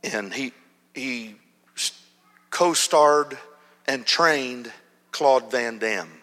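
A male pastor telling a story in a sermon, animated, acting out shouts and whispers. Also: mid-range voice. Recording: long hall reverb.

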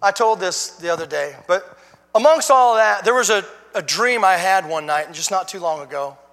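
A middle-aged man giving an emotional sermon testimony as a guest speaker, swinging from hushed to shouting. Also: sits high, animated, moderate pace, long reverb tail.

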